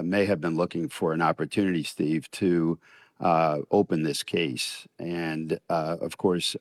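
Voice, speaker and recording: An older man with a very deep voice speaks as a radio interview guest. He weighs each phrase and pauses often. The sound is dry and close, with no room around it. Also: no echo. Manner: measured and deliberate, frequent "uh" pauses. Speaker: retired federal judge, interview guest.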